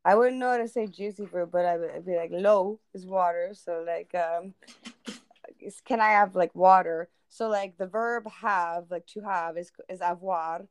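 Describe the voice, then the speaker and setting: A woman's voice: lowish voice, clean tone, no room sound. A woman in casual chat, talking loosely with lots of fillers. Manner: chatty, many fillers, quick laughs.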